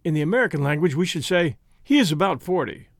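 A man narrating a classic essay in a measured, dry reading style, imitating pronunciations as he goes. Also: on the high side, animated, creaky, dry recording. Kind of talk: scripted narration.

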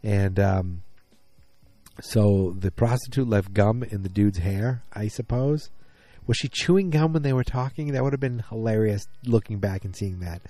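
A man's voice: fairly low pitch, moderate pace, warm tone, dry recording, faint music behind. A man casually recapping a TV episode, rambling with many ums and restarts while retelling scenes and quoting characters. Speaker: TV show recapper.

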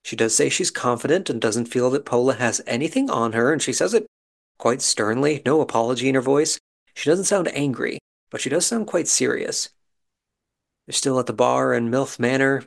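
A man's voice: mid-range voice, gravelly. A man hosting a podcast, giving a wry, chatty recap of a reality show episode with musing asides. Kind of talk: casual commentary.

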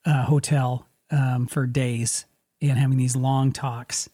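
Speaking slowly and flatly in a mellow, mid-range voice, a middle-aged man from Spokane, USA hosts a podcast with studio-quality, echo-free sound. His casual storytelling rambles, with frequent restarts and quotes he acts out.

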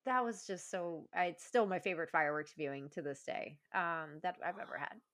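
A woman in her thirties, a podcast guest telling warm, emotional stories in casual chat and laughing often. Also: lowish voice, a little fast, a little hiss or hum.

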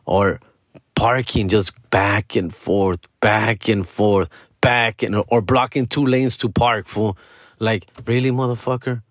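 A man's voice: fairly low pitch, steady tone, takes it slowly, no echo, clean studio sound. A middle-aged man venting in a casual, profane monologue, slipping into Spanish slang. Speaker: comedian podcaster.

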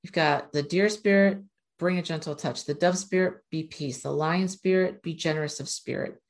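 Lady doing a chatty oracle card reading, kinda low voice, pep-talk vibe, blunt sometimes. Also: normal speed. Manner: earnest, encouraging, blunt at times. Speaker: spiritual oracle card reader.

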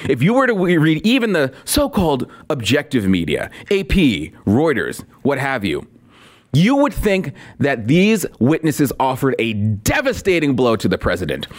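A man's voice: mid-range voice, huge pitch swings, normal speed. A man hosting a political commentary podcast, talking in a sarcastic way and repeating lines for emphasis. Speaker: podcast host.

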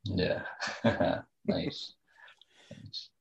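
A man interviewing a guest in a relaxed way, hesitant and quick to laugh. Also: dull audio. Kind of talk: casual interview. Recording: voice from away from the mic.

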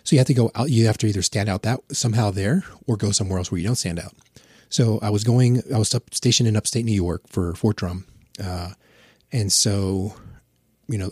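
A man's voice: low-pitched, darkish tone, breathy edge, no room sound, studio quality. A man chatting casually on a podcast, telling rambling, profane anecdotes. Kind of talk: casual chat.

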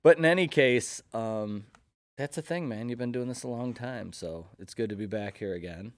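A man's voice: medium pitch, normal speed, no room sound. Upbeat man, dry studio sound. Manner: enthusiastic, upbeat. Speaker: podcast guest. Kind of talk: casual chat.

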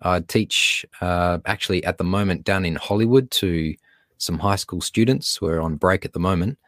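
An Australian man with a very deep voice speaks as a podcast guest. He is friendly and joking, and his voice sounds close and dry, with no room echo. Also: moderate pace, fairly bright tone. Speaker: guest, school teacher. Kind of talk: podcast interview.

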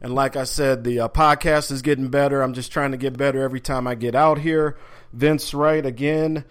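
A man's voice: medium pitch, steady tone, a little fast. Laid-back man hosting a sports podcast. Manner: laid-back, chatty, many fillers and restarts. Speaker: sports talk podcast host. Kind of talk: casual sports talk. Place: home office.

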